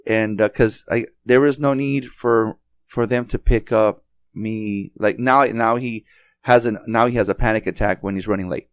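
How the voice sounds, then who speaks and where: A man in middle age chats on a podcast in a lowish voice, often breaking off and repeating words before he finds the thought. The sound is close and dry, with no room around it. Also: steady tone, dry recording. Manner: halting, many restarts and repeated words. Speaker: podcast host. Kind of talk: casual conversation.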